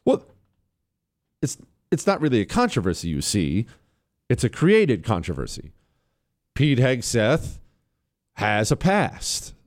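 An American man hosting a show, giving emphatic, fervent political commentary with drawn-out stresses. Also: medium pitch, huge pitch swings, dry recording. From United States. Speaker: host.

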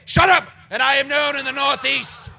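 Guy doing a gravelly old wizard, full of himself, bright high pushy voice, goes on and on. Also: steady tone, normal speed, soft background music, heavily acted. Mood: grandiose. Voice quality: gravelly, boastful. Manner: proclaims grand titles, then trails off weary. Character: pompous aging male wizard, grandiose and rambling. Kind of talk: improvised comedy character.

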